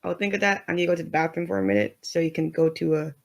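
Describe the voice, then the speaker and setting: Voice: medium pitch, big pitch swings, vocal fry. A player in a tabletop role-playing game, talking casually and asking lots of questions. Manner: unhurried, questioning, laughing easily.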